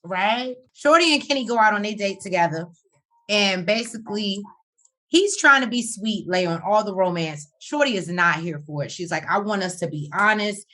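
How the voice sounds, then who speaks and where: A woman co-hosting a casual podcast, recapping a reality show with a sassy, animated manner. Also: mid-range voice, moderate pace. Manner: animated, sassy, breaks into song and laughter. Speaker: podcast co-host.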